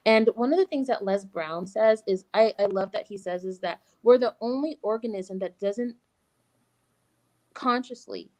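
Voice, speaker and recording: A woman hosting a podcast, chatting casually in a mid-range voice. She talks in an animated, affirming way and keeps checking in with her listener. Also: medium pitch, moderate pace, low-quality recording. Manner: animated, affirming, says "like" and "right?" often. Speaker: podcast host. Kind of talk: casual chat.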